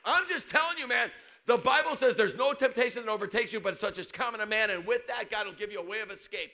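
A middle-aged man preaching a sermon, telling a personal story with animated delivery and sudden shouts. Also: high voice, quick pace.

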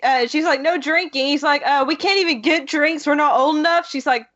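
A woman chatting casually about a movie, walking through the plot and quoting what the characters say. Her voice sits high. The sound is dull and lo-fi. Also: fairly quick, a bit bright. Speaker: podcast co-host.

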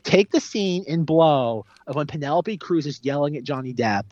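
A man's voice: fairly high pitch, dry recording. A male podcast co-host rattles on about movies, piling up "like" after "like". The sound is dry and a bit dull and lo-fi. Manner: rapid, animated ranting full of "like". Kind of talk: casual film chat.

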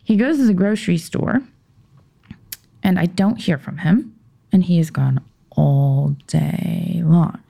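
A woman guest on a podcast telling a personal story in conversation. She talks haltingly, with restarts and pauses, and drops into a tense whisper when she gets heated. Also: on the low side, vocal fry, mellow.

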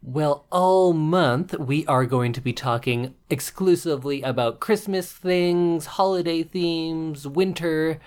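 A man co-hosting a podcast, chatting casually in a relaxed, wry and jokey way. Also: a little high, slow pace, hardly any pauses, clear, resonant tone. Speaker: podcast co-host. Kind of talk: casual chat.

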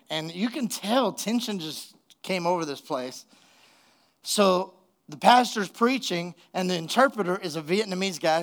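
A man, a pastor, preaching a sermon and telling a funny story in an animated way, laughing at his own jokes. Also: high-pitched. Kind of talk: sermon with a humorous personal story.

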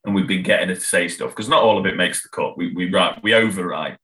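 A man talks casually as a podcast guest. His voice is low yet bright and forceful, and he rambles, restarts his sentences and laughs a lot. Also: quick pace, rough recording. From England. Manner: rambling, self-interrupting, laughs often. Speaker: podcast guest, band member. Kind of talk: casual chat.

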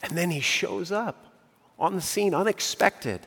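A man preaching a sermon earnestly, building emphasis and slowing on key phrases. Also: high-pitched, vocal fry, fairly bright tone, in a large hall. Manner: earnest preaching with rising emphasis and slow pauses. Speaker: pastor.

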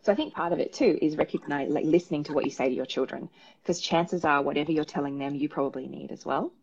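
A woman with an Australian accent, a psychologist giving parenting advice in a relaxed, thoughtful way, with many fillers. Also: sits low, quick pace, creaky, slightly rough, muffled recording. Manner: thoughtful, rambling with many fillers, acts out examples. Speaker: perinatal psychologist guest. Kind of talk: casual advice talk. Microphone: video call.

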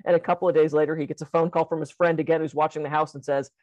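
A woman who runs communication workshops, chatting casually and telling jokes with animated voices. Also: deep voice, very fast, no room sound, dull audio. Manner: animated storyteller, jokey. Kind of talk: casual chat.

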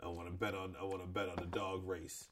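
A man's voice: low voice, flat delivery, quick pace, background noise. A young man co-hosting a casual podcast, bantering with playful, mock-flowery teasing. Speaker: podcast co-host.

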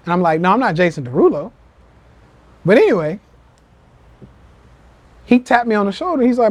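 A high-voiced man with big pitch swings hosts a live rant podcast about social media, speaking at normal speed with long pauses. He's emphatic, swears a lot, repeats himself, and animatedly acts out quotes. The phone recording is dry and dull.

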